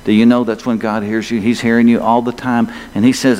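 A man's voice: medium pitch, level tone, a little fast, darkish tone, a little hiss or hum. A male pastor preaching a sermon, emphatic and full of rhetorical questions for the congregation. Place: church sanctuary. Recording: long hall reverb.

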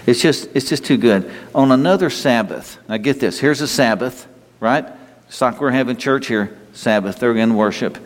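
A man preaching a sermon in an earnest, halting way, repeating himself as his pitch rises and falls. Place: church hall. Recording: long reverb of a hall.

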